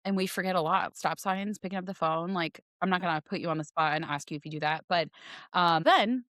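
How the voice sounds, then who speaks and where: A woman in her forties telling a personal story in a casual podcast chat, animated and acting out voices as she goes. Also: lowish voice, a little fast, no echo, studio quality. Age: 40s. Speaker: podcast guest, realtor.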